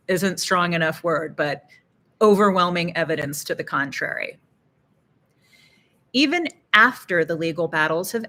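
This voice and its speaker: Slow, bright-toned woman with sardonic asides. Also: on the low side. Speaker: psychologist and channel host. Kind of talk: educational talk to camera.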